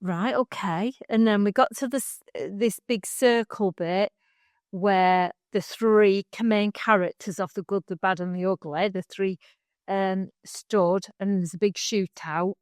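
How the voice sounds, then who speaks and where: A woman's voice: mid-range voice, steady tone, measured pace, darkish tone, no echo. A middle-aged woman co-hosting a podcast, chatting casually with a mid-range voice. She rambles through heartfelt stories, stumbling and restarting, and breaks into laughs now and then. The sound is close and dry, with no room around her. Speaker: podcast co-host. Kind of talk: casual chat.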